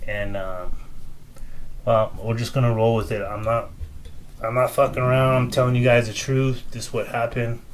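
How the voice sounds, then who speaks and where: A man in his forties hosting a casual podcast, talking loosely with plenty of swearing and turning quietly emotional at times. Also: mid-range voice, level tone, moderate pace, slight background noise. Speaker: podcast host.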